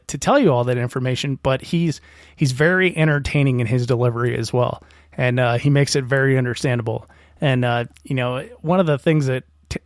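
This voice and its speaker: A man hosts a podcast and introduces a guest segment. His voice is mid-pitched and his delivery halting, full of small hesitations. The sound is dry and close, with no room echo. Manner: halting, many fillers, appreciative. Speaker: podcast host.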